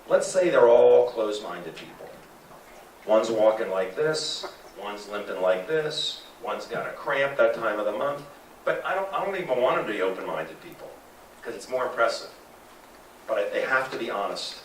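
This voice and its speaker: A man giving an animated sales presentation to a live audience, asking the room questions. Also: mid-range voice, normal speed, a little hiss or hum. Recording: echoey room from a distance.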